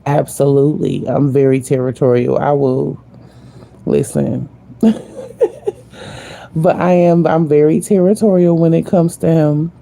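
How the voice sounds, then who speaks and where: A woman's voice: low-pitched, little pitch movement, normal speed, vocal fry, warm tone. A woman vlogger talking casually and earnestly to her viewers, repeating herself for emphasis, slangy and spiritual. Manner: emphatic, repeats phrases, addresses viewers directly. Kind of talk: casual heartfelt talk to viewers.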